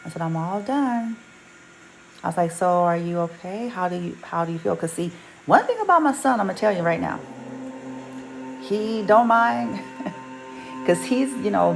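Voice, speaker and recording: An animated woman with a fairly low voice tells a casual vlog story, laughing often and acting out the dialogue she quotes. Her speech is loose and colloquial. Music plays clearly behind her. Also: rough recording. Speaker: reiki practitioner and parent. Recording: music playing in the background.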